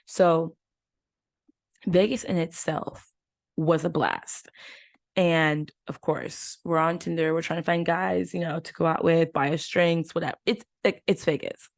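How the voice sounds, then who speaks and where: A young woman hosts her own podcast, talking through a story in a loose, animated way, full of fillers and quick asides. Her voice sits a little low, and the recording is close and dry, with no room sound. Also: no room sound. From United States. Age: 20s. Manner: animated, chatty storytelling with many fillers and laughs. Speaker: podcast host. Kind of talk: casual chat.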